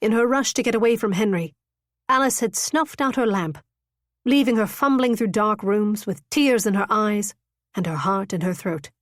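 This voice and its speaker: A woman narrating a romance audiobook in an expressive, dramatic reading style. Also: mid-range voice, normal speed, dry recording, clean studio sound. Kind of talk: scripted narration.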